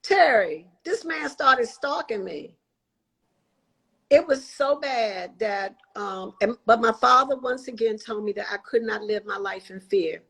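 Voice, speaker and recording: A woman in her sixties, a guest telling her life story in an interview, animated and acting out the voices of people she quotes. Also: on the high side, measured pace, breathy edge, low-quality recording. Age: 60s.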